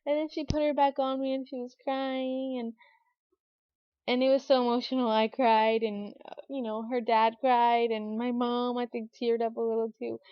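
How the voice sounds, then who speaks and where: A young woman who is a new mother tells a personal story in a casual, chatty way, full of fillers, raising her voice when quoting herself and others. Her voice sits on the high side, clear and resonant, with no room sound. The recording itself is dull and lo-fi.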